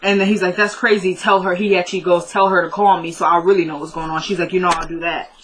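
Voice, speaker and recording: A woman's voice: fairly low pitch, flat delivery, fast talker, poor audio. A woman casually recapping a TV episode, retelling the dialogue in a chatty way. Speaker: TV recap vlogger.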